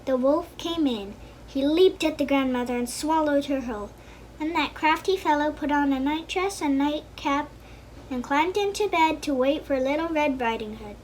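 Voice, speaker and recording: A woman reads a children's story aloud in a high voice. She makes small slips now and then as she reads. There is faint noise behind her. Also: normal speed, a little mellow, poor audio.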